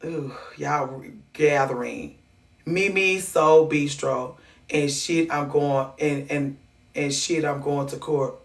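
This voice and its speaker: A woman's voice: low-pitched, slow pace, recorded from a distance. A woman hosting a casual livestream, talking candidly and profanely, rambling and restarting her sentences. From Atlanta. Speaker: livestream host. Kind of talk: casual livestream chat reacting to clips and comments.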